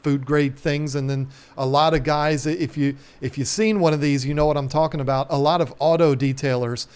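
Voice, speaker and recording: A man's voice: fairly high pitch, fairly even intonation, normal speed, darkish tone, smooth. A man hosting a casual live stream, rambling in a folksy way with plenty of ums. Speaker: aquarium channel host.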